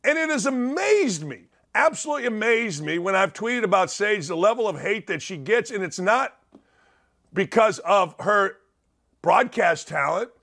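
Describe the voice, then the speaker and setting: Emphatic high-voiced male talk host. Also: animated, normal speed, fairly bright tone. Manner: emphatic, punchy delivery with rhetorical questions. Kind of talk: opinionated sports talk monologue.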